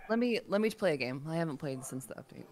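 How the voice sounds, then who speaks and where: Young woman on voice chat, low-ish voice that swings all over, music blasting behind. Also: fast. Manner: animated, laughs easily. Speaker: friend on voice chat. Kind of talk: casual chat while gaming.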